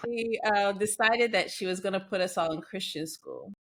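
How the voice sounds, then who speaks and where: A woman from Nigeria with a Nigerian accent, a surgeon guest telling her story in a podcast interview with quick, animated delivery and frequent fillers. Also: medium pitch.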